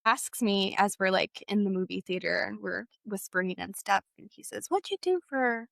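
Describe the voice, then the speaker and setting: A woman's voice: medium pitch, little pitch movement, moderate pace, gravelly, a bit bright, dry recording. A young woman from Texas, a guest in an interview, tells her personal story in a casual way. She speaks loosely, with lots of "like", and acts out bits of past dialogue. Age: young adult.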